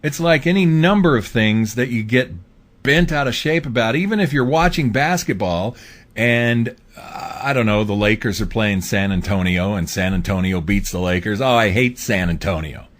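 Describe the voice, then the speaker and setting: A man with a medium-pitched voice, speaking at normal speed, hosts his own show and delivers a political commentary monologue in a casual, rambling style full of fillers.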